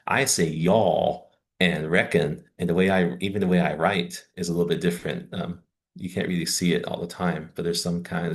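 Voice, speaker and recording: A man's voice: low voice, gravelly. A man with an American Southern accent, giving a casual lecture over slides as a teacher trainer, chatty with wry asides. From Southern United States.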